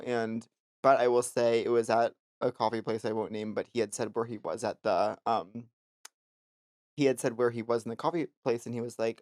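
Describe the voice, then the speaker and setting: A man's voice: mid-range voice, brisk, dry recording, clean studio sound. A man co-hosting a podcast, telling stories in a casual chat and acting out the people in them. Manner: animated storyteller, acts out voices. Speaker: podcast co-host.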